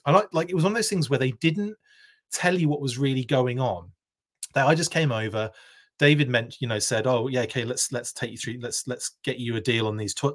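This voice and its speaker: A man with a British accent hosting a live stream, telling a long rambling anecdote full of tangents. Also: medium pitch. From United Kingdom. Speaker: live show host. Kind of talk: casual live-stream chat.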